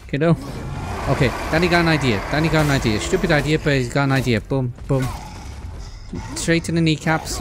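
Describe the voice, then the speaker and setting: A Welsh man in the middle of a let's-play, chattering excitedly and panicking as he talks straight to the characters. His voice sits in a medium register. Loud game music runs underneath him. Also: medium pitch. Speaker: let's player. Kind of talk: gameplay commentary.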